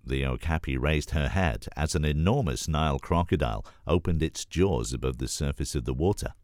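A man reading a children's storybook aloud for an audiobook audition, with clear, steady storytelling. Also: extremely low pitch, normal speed, no room sound, studio quality. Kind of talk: scripted storybook narration.

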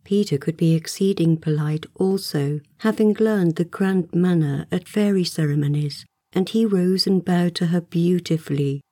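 A woman narrating a storybook aloud in a gentle, expressive way, sometimes dropping to a soft whisper. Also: fairly low pitch, moderate pace, few pauses, no echo, studio quality. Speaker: audiobook narrator.

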